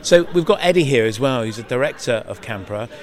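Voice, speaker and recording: A man's voice: medium pitch, animated, brisk. A man interviewing guests outdoors, friendly and chatty, often ending his questions with tag questions.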